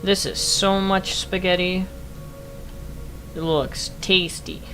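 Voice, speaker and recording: A woman's voice: lowish voice, fairly even intonation, slow, a bit bright, soft background music, rough recording. A young woman chatting casually over her gameplay, often laughing in amused disbelief at what she once built. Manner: laughs often, amused and incredulous at her own old build. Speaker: game streamer.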